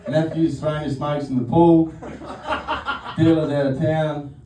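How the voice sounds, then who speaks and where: A man's voice: fairly high pitch, flat delivery, a little slow, far from the mic. A man doing a stand-up set, telling crude, rambling stories and often breaking into laughter. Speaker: stand-up comedian. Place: comedy venue stage. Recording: echoey, noisy room miked from afar.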